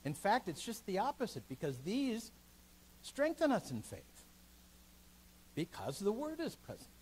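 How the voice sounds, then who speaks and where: A man's voice: high voice, a little slow, a little hiss or hum, rough recording. A man, a pastor, leading a seminar in a church meeting room, teaching emphatically and taking questions. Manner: emphatic, animated teaching that takes listeners' questions.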